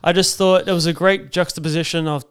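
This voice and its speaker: Man, slightly higher voice, smooth and clear, chatty, casual film talk. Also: steady tone, fast. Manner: chatty, laughs easily, hesitant with fillers. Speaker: podcast co-host.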